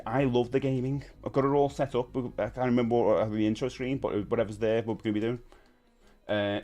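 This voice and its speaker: A man's voice: medium pitch, dark tone. A man, hosting a casual live stream and chatting with viewers in a rambling, friendly way. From United Kingdom. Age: 50s. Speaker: livestream host.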